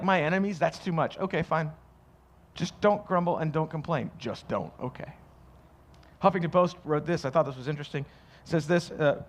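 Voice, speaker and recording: A man preaching a sermon as pastor, conversational and joking, acting out quoted voices. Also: fairly high pitch. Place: church.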